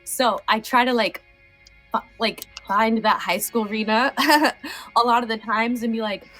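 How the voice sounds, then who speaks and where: A woman's voice: on the high side, steady tone, a little slow, a bit bright, faint music behind. A woman in her thirties, a podcast guest talking in a heartfelt, casual way, sometimes near tears, with many fillers. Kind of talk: emotional casual conversation.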